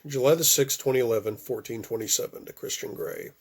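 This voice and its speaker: A man reading a first-person novel aloud, with occasional stumbles and restarts and phrases that drop off softly. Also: medium pitch, steady tone, brisk, few pauses, breathy edge. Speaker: audiobook reader.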